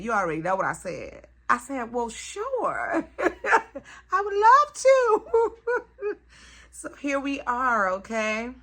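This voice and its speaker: A woman lifestyle vlogger chatting in a gushing, excitable way, laughing often as she talks to her viewers. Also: fairly high pitch. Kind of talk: casual unboxing vlog.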